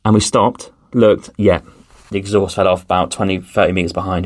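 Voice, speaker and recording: A man's voice: on the low side, little pitch movement, normal speed, no room sound, studio quality. A man telling a casual travel story as a podcast host, rambling with many fillers.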